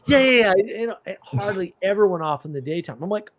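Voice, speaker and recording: A man with a high-pitched voice hosts a casual livestream chat. He tells stories in an animated way and throws in loud, disbelieving reactions. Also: quick pace, hardly any pauses, no room sound. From United States. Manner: animated, mimics others with incredulous outbursts. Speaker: livestream host.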